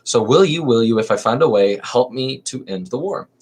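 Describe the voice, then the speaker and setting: A man's voice: medium pitch, animated, moderate pace, a little mellow, breathy edge, voice pushed up. A man voicing a bold young woman who rallies her friends, read aloud in earnest, stagey verse. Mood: urging. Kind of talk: amateur play reading.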